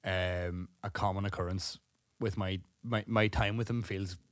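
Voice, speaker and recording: A man's voice: sits low, steady tone, a little slow, dry recording, studio quality. Sweary laughing man. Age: 30s. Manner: rambling, sweary, laughs through stories. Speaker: podcast co-host. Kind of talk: casual chat.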